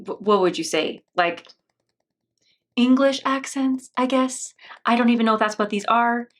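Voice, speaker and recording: A woman's voice: on the high side, a little slow. An American woman hosting a reaction video, rambling and laughing often, with a sarcastic edge. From United States. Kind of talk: casual commentary.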